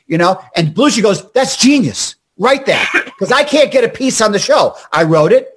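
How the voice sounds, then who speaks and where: Older man, comedian guest, high voice, animated storytelling, quick restarts. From Scranton, Pennsylvania. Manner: rapid, animated anecdotes with restarts and quoted voices. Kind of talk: storytelling interview chat.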